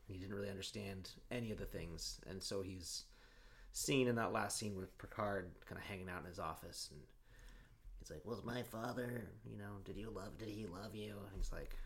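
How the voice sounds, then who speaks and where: A man chatting casually as a podcast co-host, rambling through a story and reading messages aloud in a flat voice. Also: sits low, moderate pace, gravelly. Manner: rambling storyteller, swears, reads chat logs aloud in a flat voice. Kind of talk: casual chat.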